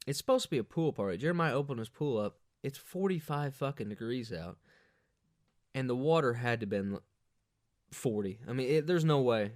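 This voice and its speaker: A man hosting a podcast, telling a profane, rambling party story in a casual monologue, jumping up in pitch when he quotes people. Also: no room sound, clean studio sound. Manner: crude, profane, rambling anecdotes with animated quoted voices. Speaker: podcast host.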